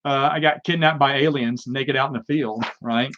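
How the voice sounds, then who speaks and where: A man's voice: mid-range voice, steady tone, moderate pace, fairly bright tone, highs cut off. A man hosting a live Q&A, chatting casually and rambling with lots of fillers, restarts and self-mocking asides. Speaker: live Q&A host. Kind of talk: casual live stream chat.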